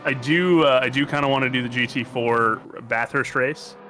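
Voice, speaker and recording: A man's voice: mid-range voice, steady tone, bright, forceful tone. A man with an American accent giving casual, joking commentary on a sim race. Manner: jokey, rambling, quick to banter. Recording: noisy stream audio.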